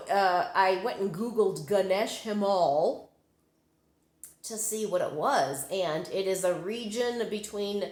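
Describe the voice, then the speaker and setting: A woman recording herself on a handheld phone, talking slowly through personal memories. She wanders from thought to thought, filling gaps with ums and restarting sentences. The room around her is bare and echoey. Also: mid-range voice. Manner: meandering, full of fillers and self-corrections. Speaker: psychic medium vlogger. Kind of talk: rambling personal storytelling. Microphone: holding her phone.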